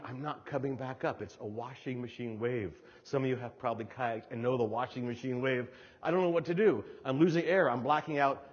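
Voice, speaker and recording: A middle-aged man from New Jersey giving a humorous storytelling keynote speech, acting out voices with animated delivery. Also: mid-range voice. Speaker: keynote speaker. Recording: dull hall recording with long reverb.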